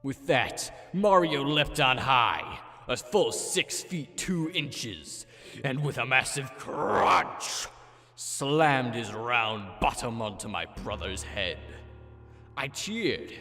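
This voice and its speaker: Guy narrating a silly story super dramatic, slow and swoopy, long echo and faint music. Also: mid-range voice, animated, sharp tone. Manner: slow, theatrical, overblown. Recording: echoey, music behind.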